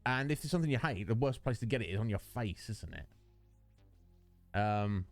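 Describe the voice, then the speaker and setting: A man's voice: lowish voice, animated, normal speed, faint music behind. A man chatting with viewers while streaming a game, rambling and joking, answering chat by name. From United Kingdom. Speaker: Twitch streamer. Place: home streaming setup. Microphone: studio dynamic microphone.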